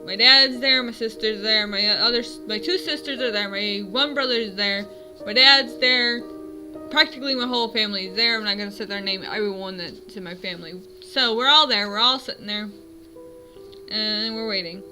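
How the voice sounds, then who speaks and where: A woman's voice: medium pitch, moderate pace, sharp tone, faint music behind, low-quality recording. A woman in her twenties at home, telling her dreams in a rambling, self-correcting casual vlog. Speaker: vlogger.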